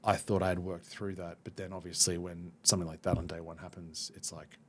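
A man's voice: sits low, level tone, fairly bright tone, husky. A man hosting a podcast, talking openly and reflectively with frequent restarts. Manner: open and self-reflective, halting restarts. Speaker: podcast host. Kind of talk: candid podcast conversation.

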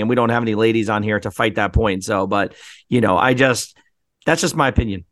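A man co-hosting a casual podcast, telling stories with lively acted-out quotes. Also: medium pitch, fast, dry recording, studio quality. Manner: animated storyteller, acts out quotes. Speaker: podcast co-host. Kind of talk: casual chat.

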